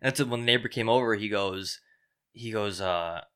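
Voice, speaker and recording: A young man on a podcast telling a story in casual chat, profane and animated, acting out the people he quotes. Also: on the low side, moderate pace, smooth.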